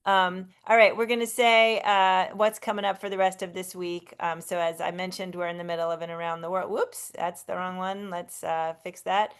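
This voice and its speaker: A woman's voice: fairly low pitch, level tone, normal speed, few pauses, clean tone. A woman hosting a live online sing-along over a video call, effusive and chatty, often restarting her sentences. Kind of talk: casual live-stream hosting.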